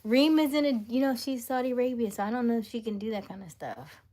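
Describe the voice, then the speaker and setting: A woman's voice: on the high side, fast talker, warm tone. A woman livestreaming, chatting playfully with her viewers and laughing often. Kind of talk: casual livestream chat with viewers.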